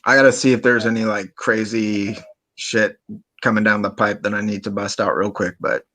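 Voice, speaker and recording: A man hosting a casual online chat, relaxed and easygoing, with frequent "uh" fillers. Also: on the low side, normal speed. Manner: laid-back, frequent "uh" fillers. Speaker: podcast host.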